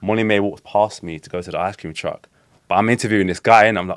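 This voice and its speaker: Fast-talking deep-voiced man. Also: clear, resonant tone, dry recording, clean studio sound. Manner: slangy, animated storytelling. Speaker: podcast guest, street interviewer. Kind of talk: casual storytelling chat.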